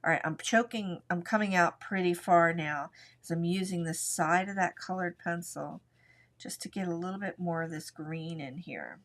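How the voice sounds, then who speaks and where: A woman's voice: lowish voice, normal speed. Chatty woman teaching a coloring tutorial. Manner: relaxed, chatty, narrates each stroke as she works. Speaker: art instructor.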